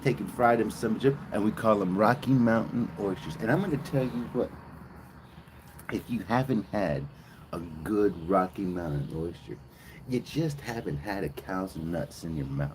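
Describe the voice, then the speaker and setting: A man's voice: sits low, expressive, normal speed, darkish tone, slight background noise. A man hosting a live stream outdoors on a farm, chatting casually with viewers and telling crude, joking, rambling stories. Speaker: livestream host. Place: outdoors on a farm with cows nearby.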